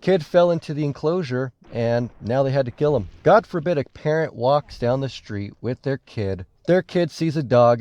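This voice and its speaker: A man delivers a rambling video rant, indignant and full of swearing. His voice is dark and mellow at a middle pitch. The recording is dull and lo-fi and dry, close up. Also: no room sound. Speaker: commentator. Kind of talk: ranting video commentary.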